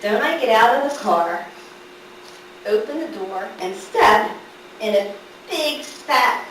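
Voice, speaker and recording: A woman's voice: fairly high pitch, takes it slowly. Woman telling a story in an echoey room. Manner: animated, laughing through the funny parts. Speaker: daughter telling a story at a gathering. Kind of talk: storytelling to a live audience. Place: large echoey room at a family gathering. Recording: echoey room, far from the mic, background noise.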